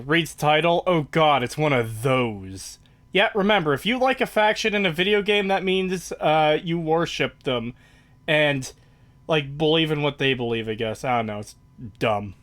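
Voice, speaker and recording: Young man, podcast host, slightly high voice, swears a lot, casual rant. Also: a bit bright. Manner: swears freely, ranting and exasperated. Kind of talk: casual chat.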